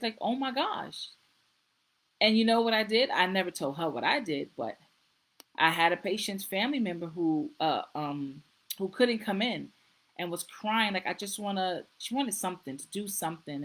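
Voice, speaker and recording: A woman's voice: lowish voice, a little fast, rough recording. Woman, middle-aged, host, casual talk, earnest, repeats phrases. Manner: warm, earnest, repeats herself. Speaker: nurse practitioner. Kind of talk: casual live-stream talk.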